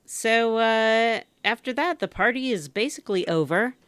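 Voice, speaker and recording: A woman's voice: on the high side, expressive, moderate pace, a bit bright, clean tone, dry recording. A woman co-hosting a gaming podcast, casually recapping a story game's scenes and laughing often. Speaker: podcast co-host recapping a game. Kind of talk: casual chat.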